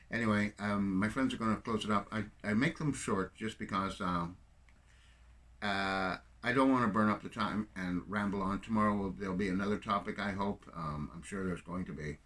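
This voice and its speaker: A man's voice: lowish voice, a bit bright. An older man from Canada giving a rambling, sarcastic solo political monologue, full of digressions. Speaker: political commentator.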